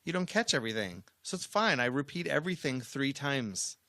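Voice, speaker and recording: A man in a relaxed podcast chat, rambling through a story and often talking over his co-host. His voice is bright and forward. It sounds dry and close to the mic. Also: medium pitch, a little fast, no echo. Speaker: workshop trainer. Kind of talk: casual chat.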